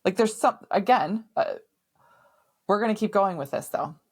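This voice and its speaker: A woman's voice: mid-range voice, moderate pace, a little mellow, husky. A middle-aged woman hosting a podcast, telling a personal story in a candid, emphatic way and swearing now and then. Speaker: podcast host.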